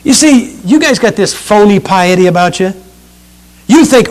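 A man preaching a sermon in an animated, joking way, firing off rhetorical questions to his listeners. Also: high voice, moderate pace.

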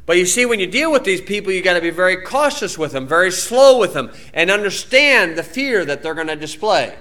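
A man's voice: high-pitched, big pitch swings, fairly quick, bright, forceful tone. A Baptist preacher man from the United States giving an informal sermon-style talk in a folksy, plain-spoken way with colloquial grammar.

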